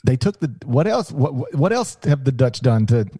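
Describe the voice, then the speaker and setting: Animated man joking on a podcast. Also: mid-range voice, normal speed, slightly rough, dry recording. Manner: animated, jokey storytelling with restarts. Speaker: podcast co-host, sports analyst. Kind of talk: casual podcast banter.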